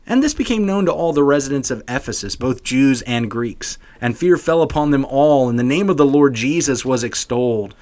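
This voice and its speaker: A man's voice: medium pitch, expressive, normal speed, few pauses, darkish tone. A man co-hosting a Bible podcast, reading scripture expressively like a story for kids and chatting casually. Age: adult parent. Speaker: podcast co-host.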